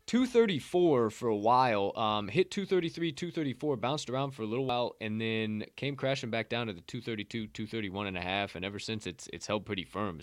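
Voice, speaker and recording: Guy hosting a betting show, lowish voice that swings around a lot, joking and swearing. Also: no room sound. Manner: loose and profane, joking asides. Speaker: sports betting show host. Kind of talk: casual sports betting chat. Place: sportsbook.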